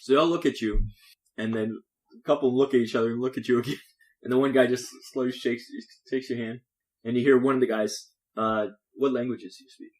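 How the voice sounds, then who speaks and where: A man's voice: medium pitch, fairly even intonation, brisk, a little mellow. A man narrating as game master, casual, often laughing.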